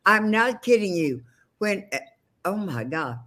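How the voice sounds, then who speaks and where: A woman's voice: mid-range voice, big pitch swings, unhurried, fairly bright tone. Older woman, veteran actress, bawdy wisecracks, rambling storyteller, home video call. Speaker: guest, veteran stage actress. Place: her home.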